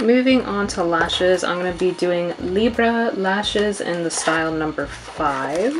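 A woman's voice: on the low side, measured pace, soft background music, poor audio. A young woman chatting casually through a makeup tutorial at home, talking to her viewers as girl and y'all, and often apologizing. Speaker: beauty vlogger.

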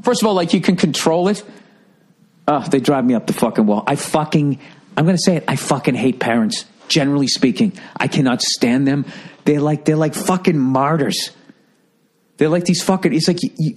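A man rants on his podcast, swearing freely and sounding exasperated. His voice sits a little high for a man, and he mocks people by mimicking them. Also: slightly rough. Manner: profane, exasperated, mocks others in put-on voices. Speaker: podcast host. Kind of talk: casual ranting monologue. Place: home room with birds chirping outside.

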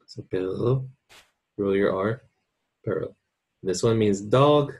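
A man's voice: fairly low pitch, measured pace. A man teaching an online language lesson in an informal way, checking in often with his students. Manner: informal, checks in with "okay?" and "right?".

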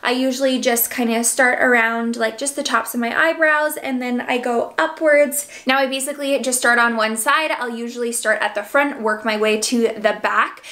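A woman's voice: fairly high pitch, fairly even intonation, moderate pace, few pauses, bright, forceful tone. A young woman in a casual hair tutorial, chatting to the camera at home, a bit out of breath and full of "like" and "um". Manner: chatty, filler-heavy with frequent "like" and "um". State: out of breath, seven months pregnant. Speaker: beauty vlogger.

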